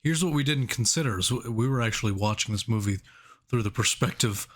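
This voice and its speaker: A man co-hosting a casual movie review podcast, laughing often and restarting his sentences as he thinks out loud. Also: mid-range voice, fast. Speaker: podcast co-host.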